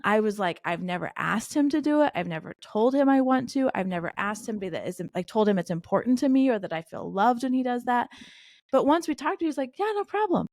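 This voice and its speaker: A woman's voice: fairly high pitch, expressive, a little fast, darkish tone, no room sound. A middle-aged woman as a podcast guest, telling candid stories full of quoted dialogue in a conversational way. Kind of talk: conversational interview storytelling.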